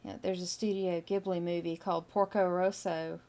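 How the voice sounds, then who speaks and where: A middle-aged woman chatting casually with her stream viewers as she draws, musing slowly with lots of fillers. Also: on the low side, level tone, a little mellow. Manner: slow, musing, with many fillers. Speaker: artist streaming while drawing. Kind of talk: casual chat with live viewers.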